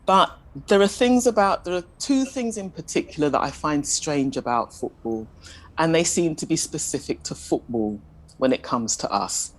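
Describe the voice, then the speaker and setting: A woman speaking as a panelist in a discussion, measured and questioning, often admitting she is ready to be corrected. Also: sits low, lively intonation, poor audio. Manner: measured, questioning, self-deprecating.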